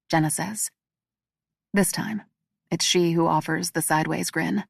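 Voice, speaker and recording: A woman narrating a thriller audiobook with a steady, even reading. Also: fairly low pitch, measured pace, creaky, long pauses, slightly rough, dry recording, clean studio sound.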